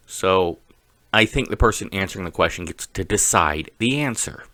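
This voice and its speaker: A man with a Texas accent, giving a slow, deliberate and opinionated casual monologue to camera as a vlogger. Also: lowish voice, animated, bright, forceful tone, no room sound.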